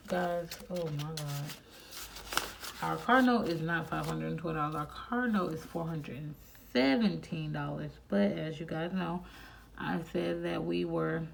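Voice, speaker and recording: A woman with a gravelly, fairly low voice counts bills under her breath at an unhurried pace. She breaks off to chat casually with her viewers. A steady hiss of noise sits under the home recording. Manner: murmurs counts quietly, chatty asides to viewers. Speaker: budgeting channel host. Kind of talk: casual budgeting vlog, counting cash aloud.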